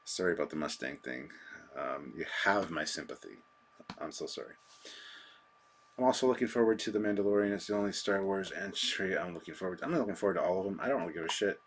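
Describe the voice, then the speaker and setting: A man's voice: sits low, fast, slightly rough. A man hosting a live stream, chatting casually and rambling through viewer comments with a self-deprecating manner.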